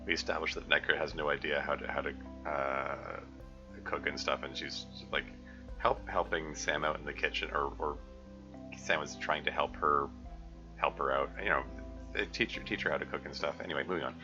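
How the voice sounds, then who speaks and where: A man's voice: rumbling low, steady tone, normal speed, muffled recording, music in the background. A man reading a visual novel aloud on a live stream, chatty and prone to side comments. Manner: chatty, digressive, self-correcting. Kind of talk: let's-play narration and commentary.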